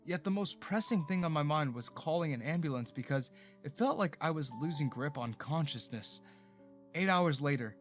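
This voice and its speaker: A man giving a scripted first-person narration of a romance story, steady and even. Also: fairly high pitch.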